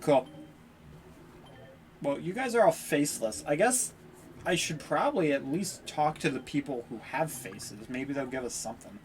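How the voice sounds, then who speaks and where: A woman's voice: low-pitched, moderate pace, a little hiss or hum. A young woman streamer giving playful, laughing commentary while playing a game. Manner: playful, laughing, lively asides.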